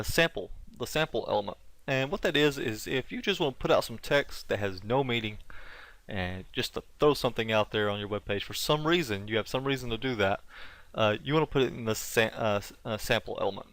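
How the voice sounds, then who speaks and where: A man casually explaining web code in a screen-recorded tutorial, talking in a halting way with fillers and self-corrections. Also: mid-range voice, fairly bright tone, dry recording. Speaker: tutorial instructor.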